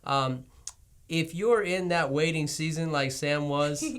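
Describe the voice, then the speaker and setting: A male pastor hosting a relaxed church conversation show. He talks earnestly and encouragingly, now and then laughing at himself. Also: on the high side, slow pace, clean tone. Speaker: pastor and host.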